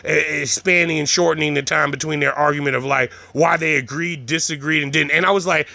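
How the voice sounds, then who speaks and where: A man with a fairly high, gravelly voice and a bright, sharp edge tells a loose, animated story. He swears freely and drops slang as he rambles on. The sound is dry and close. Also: a little fast, no echo. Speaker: vlogger.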